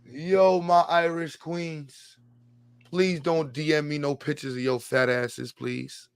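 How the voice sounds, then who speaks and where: A man's voice: fairly high pitch, fairly even intonation, measured pace, creaky, smooth. A man hosting a casual comedic reaction show, swearing and laughing in slangy banter. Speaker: podcast host.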